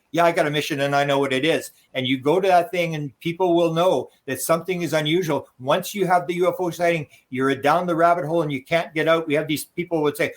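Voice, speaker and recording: A man giving a rambling interview answer as a guest author, acting out quoted dialogue as he tells stories. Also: fairly high pitch. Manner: rambling anecdotal telling, acts out quoted dialogue. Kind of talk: interview storytelling.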